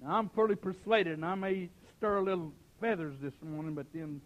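High-pitched shouting preacher. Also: male voice, a little fast, hardly any pauses. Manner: shouting preaching, swinging from loud to hushed; folksy, sprinkled with "amen". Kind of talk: fiery revival sermon.

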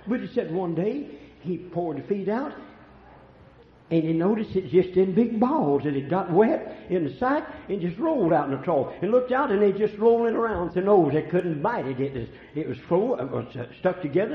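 An older man preaching a sermon, telling folksy stories and swinging between hushed and loud lines. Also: sits high, animated, normal speed. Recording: echoey room, dull lo-fi sound.

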